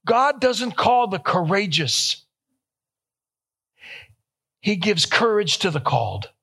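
A young male pastor delivers a sermon in a fairly high voice. He speaks slowly and deliberately, leaning on repeated phrases and lifting his voice with feeling when he reaches a question. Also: very animated, vocal fry, pushed and bright, breathy edge. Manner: emphatic, repeating key phrases, rising to quoted questions.

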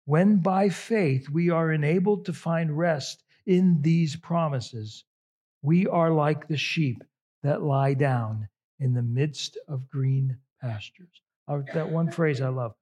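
A middle-aged man preaching a sermon, slow and reflective with long pauses. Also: fairly high pitch, a little mellow, husky. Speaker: pastor.

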